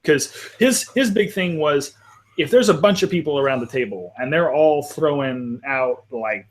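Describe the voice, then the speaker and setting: A man's voice: on the high side, animated, moderate pace. A man hosting a live panel discussion, talking casually and at length in a friendly, rambling way with lots of fillers. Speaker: panel host.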